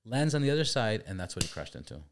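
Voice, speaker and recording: A man's voice: on the low side, sing-song, fast, noisy background. A man hosting a casual chat, telling stories animatedly with swearing and acted-out quotes. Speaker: podcast host.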